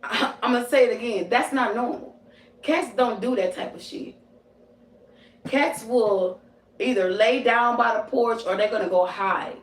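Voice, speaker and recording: On a livestream, a psychic medium goes on a confrontational, profanity-laced rant packed with slang. She speaks a little slowly in a voice on the high side, and she sounds far off in a roomy space.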